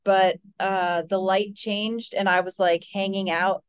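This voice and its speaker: A woman co-hosting a podcast in casual chat, easygoing and quick to laugh. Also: mid-range voice, little pitch movement, smooth. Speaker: podcast co-host.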